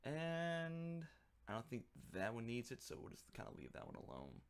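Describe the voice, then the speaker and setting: A man chats loosely on his livestream as he works, drifting between jokes and quiet muttering. His voice has a gravelly edge. His pitch rises and falls a lot. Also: huge pitch swings, normal speed, background noise. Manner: rambling, joking, muttering to himself. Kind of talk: casual livestream chat while working.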